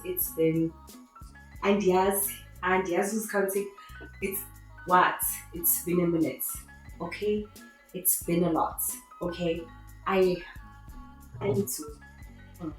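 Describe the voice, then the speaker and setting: A woman hosting her own podcast in an excitable, rambling way, with faith-filled asides. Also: medium pitch. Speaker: podcast host. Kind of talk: casual solo podcast monologue. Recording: very echoey room with faint music.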